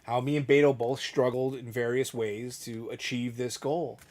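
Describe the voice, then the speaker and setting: A man's voice: mid-range voice, fairly even intonation, normal speed, darkish tone. A middle-aged man co-hosting a casual chat, telling a rambling story and acting out the quotes. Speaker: podcast co-host.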